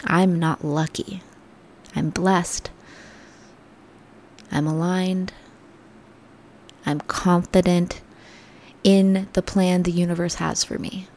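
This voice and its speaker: A woman hosting a podcast, giving an earnest, reflective motivational talk that sometimes drops to soft near-whispers. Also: lowish voice, level tone, takes it slowly, long pauses, a little hiss or hum. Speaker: podcast host. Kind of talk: motivational self-help talk.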